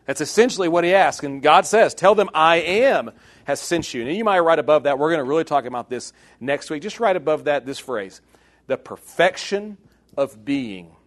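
A man with a fairly high-pitched voice teaches a Bible class briskly, preaching as though giving a sermon. Jokey and animated, he alternates loud emphatic outbursts with quiet asides.

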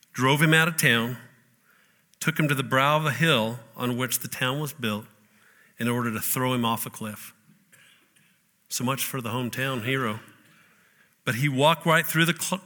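A man's voice: mid-range voice, pushed and bright. A man preaching a sermon as pastor, telling stories and asking the listeners questions in a conversational way.

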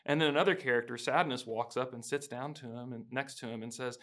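Regular guy telling a story to camera, relaxed, mid-pitched. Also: fast. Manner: casual, storytelling with acted-out quotes. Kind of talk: retelling a film scene for an online audience.

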